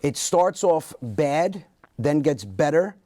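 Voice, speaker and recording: A man who is a comedian telling animated, self-deprecating stories as a guest on a talk show. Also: fairly high pitch, slow, crowd noise. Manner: animated, self-deprecating storyteller with frequent restarts. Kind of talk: casual storytelling interview.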